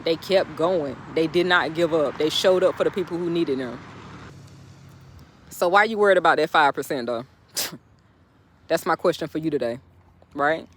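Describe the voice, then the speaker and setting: A woman motivational speaker, talking outdoors in an animated, laughing vlog pep talk. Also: sits low, normal speed, pauses often, a little hiss or hum. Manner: animated, laughing often, talking straight to viewers. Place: outdoors, birds in background.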